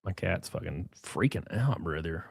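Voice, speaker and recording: A man's voice: low voice, lively intonation, normal speed, vocal fry, a little mellow, breathy edge, no echo, studio quality. A man hosting a livestream, reading messages aloud with sarcastic, profane commentary. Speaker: streamer host.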